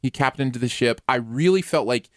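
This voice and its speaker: A man chatting casually as a co-host about a movie in a relaxed way. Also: mid-range voice, normal speed, no echo, studio quality. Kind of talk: casual chat.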